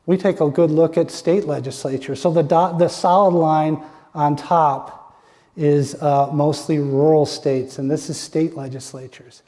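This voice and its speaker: A man's voice: on the high side, fairly even intonation, unhurried, warm tone, big-room sound. A man presenting his research as a lecture, often asking rhetorical "right?" questions.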